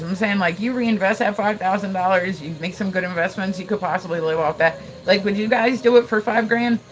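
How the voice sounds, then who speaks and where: A woman's voice: mid-range voice, a bit bright, poor audio. A woman live streaming in casual chat, rambling with lots of fillers, laughter and swearing.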